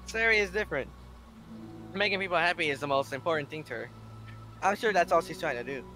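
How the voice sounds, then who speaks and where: Bright, reassuring schoolgirl club leader, higher voice, read by a man. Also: lively intonation, fast. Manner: reassuring, earnest reading. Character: upbeat caring teen girl club president. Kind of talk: reading a visual novel aloud.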